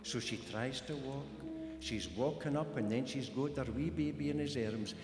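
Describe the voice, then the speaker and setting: A man's voice: medium pitch, normal speed, over music. A Scottish man telling a traditional folk tale to a live audience, in a homely, rambling way with asides. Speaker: storyteller. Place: concert hall. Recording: live concert hall, echoey with long reverb.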